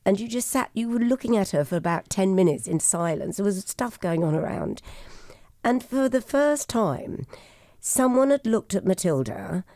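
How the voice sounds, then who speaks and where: A woman hosting a chat, talking in a rambling, halting way and getting emotional. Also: medium pitch, lively intonation, mellow, no echo, clean studio sound. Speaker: host. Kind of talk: casual chat.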